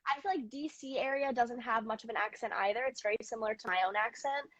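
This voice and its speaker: A woman's voice: a little high, fast talker, a loud crowd. A woman from New York and Pennsylvania with a Mid-Atlantic American accent, chatting as an interview guest and laughing often. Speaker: music artist guest. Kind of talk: casual interview chat. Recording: dull lo-fi dry sound.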